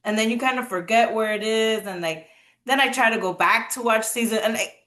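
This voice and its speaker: A woman co-hosting a podcast, chatting in a relaxed way, laughing often and giving short replies while she listens. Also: fairly high pitch, fairly quick. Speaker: podcast co-host. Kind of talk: casual chat.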